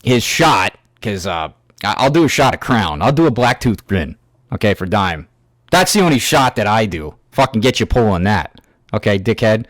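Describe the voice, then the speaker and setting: A man's voice: lowish voice, sing-song, no room sound. Angry, foul-mouthed man ranting, dry sound. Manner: angry, heavily profane ranting; halting, with restarts and fillers. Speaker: YouTube commentator. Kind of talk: ranting reaction commentary.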